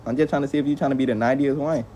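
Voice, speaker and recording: A young man, a YouTuber, trolling a stranger on a video call in a loud, joking way, repeating his lines. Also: mid-range voice, steady tone, racing, a little hiss or hum. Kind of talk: casual video-chat trolling. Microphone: phone on video call.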